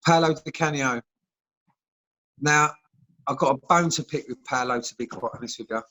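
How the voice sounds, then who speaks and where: A man's voice: medium pitch, normal speed, pushed and bright, low-quality recording. A man, a former footballer telling stories in casual chat, laughing often, over a video call. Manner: chatty storyteller, laughs often.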